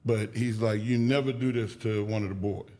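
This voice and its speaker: Telling stories during a podcast interview, this guest speaks on the low side at moderate pace. He's casual and profane, animatedly acting out quoted people in a raised voice.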